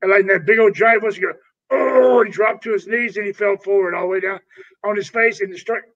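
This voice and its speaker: Older male ex-wrestler, high-pitched, loose and profane storyteller; dull lo-fi recording. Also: a little fast, a bit bright. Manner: rambling, profane, calls people brother. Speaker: retired pro wrestler, interview guest. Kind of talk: casual storytelling interview. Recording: dull lo-fi audio.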